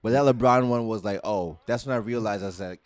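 A male podcast host in casual sports chat, animated and quick to laugh. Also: lowish voice, no room sound.

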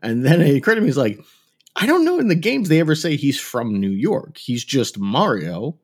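A man's voice: mid-range voice, very animated, moderate pace, husky. A man in his thirties chatting casually in a wry, rambling way. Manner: wry, rambling, laughs easily. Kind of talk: casual chat.

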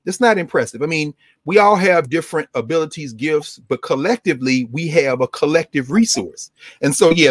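Animated man lecturing with emphatic repetition. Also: on the high side, no echo, clean studio sound. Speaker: scholar and co-host. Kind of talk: impassioned lecture-style talk.

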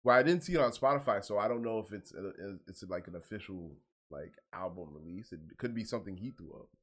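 A man co-hosting a casual podcast, laid-back and quick to laugh as he gives his opinions. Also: fairly low pitch, animated. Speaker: podcast co-host. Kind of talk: casual reaction chat.

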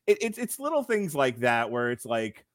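A man's voice: mid-range voice, normal speed. A middle-aged man co-hosting a podcast, chatting casually and animatedly about a film, laughing often and acting out lines. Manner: animated, laughing, acts out quotes. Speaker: podcast co-host. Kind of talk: casual film review chat.

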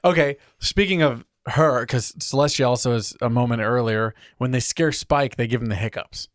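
A chatty man co-hosting a casual podcast, laughing often and slipping into playful voices for quotes. His voice is smooth and clear at a middle pitch. It is recorded dry, with no room sound. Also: normal speed, no room sound. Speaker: podcast co-host. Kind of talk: casual chat.

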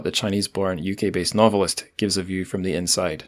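A Scottish man hosting a podcast in an easygoing monologue, his voice sitting a little low. He rambles in a friendly way, trips over words and laughs off his own slips. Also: fairly even intonation, brisk, few pauses. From Scotland. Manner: chatty, self-deprecating, with frequent restarts and asides. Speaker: podcast host.

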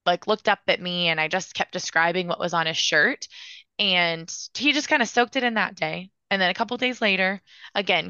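Earnest, enthusiastic woman therapist; sharp, bright tone, dry close sound. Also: fairly low pitch, clear, resonant tone, no echo, dull audio. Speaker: music therapist. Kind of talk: casual interview answers.

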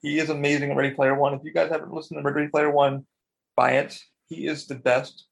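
Fast-talking gravelly man, swearing freely. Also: on the high side. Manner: rambling, excitable, swears a lot, acts out quotes. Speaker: podcast co-host. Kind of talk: casual chat.

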